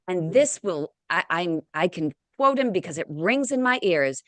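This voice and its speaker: A woman's voice: lowish voice, lively intonation, brisk, few pauses, a bit bright, no room sound. A woman on a discussion panel, the founder of an advocacy group, telling a personal story in a heartfelt, emotional way. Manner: heartfelt, emotional, tearing up at times.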